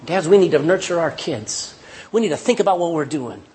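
A middle-aged man preaching a sermon, animated and emphatic, acting out little scenes and hammering points with repetition. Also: a little high, fairly quick.

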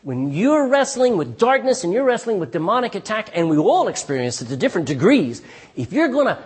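A middle-aged man preaches a sermon in a fairly high voice that leaps widely in pitch as he tells his stories. His tone is husky throughout. He keeps checking in with the congregation with a questioning "Amen?". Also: brisk. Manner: calls out "Amen?" to the congregation, lively storytelling with restarts. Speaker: pastor.

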